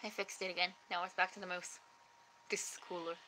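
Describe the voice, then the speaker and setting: A woman's voice: lowish voice, level tone, pushed and bright, low-quality recording. A woman, joking around playfully in a casual chat at home. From Canada. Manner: playful, joking, quick to laugh. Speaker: guest on a livestream chat.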